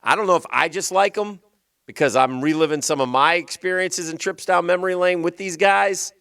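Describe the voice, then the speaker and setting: A male sports radio host with a slight Southern US accent, rambling in loose banter and sinking into a low mutter. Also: fairly quick, a bit bright, clean tone, no echo, studio quality. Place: radio studio. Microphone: studio microphone.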